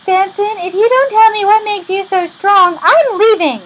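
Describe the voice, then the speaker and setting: A woman voicing a scheming wife in a high, sugary, wheedling voice. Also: lively intonation, slow, exaggerated voice. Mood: demanding.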